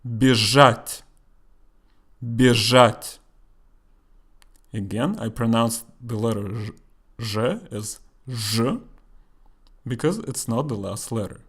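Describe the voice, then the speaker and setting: A man teaching a language lesson, explaining slowly and carefully and repeating example words, a native Russian speaker. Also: mid-range voice, animated, darkish tone, husky.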